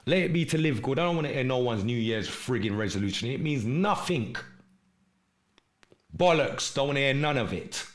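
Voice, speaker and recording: A man's voice: mid-range voice, animated, normal speed. Impassioned man preaching on a livestream. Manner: preachy, urgent street-slang delivery. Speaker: live stream podcast host. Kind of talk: impassioned livestream monologue with chat shout-outs.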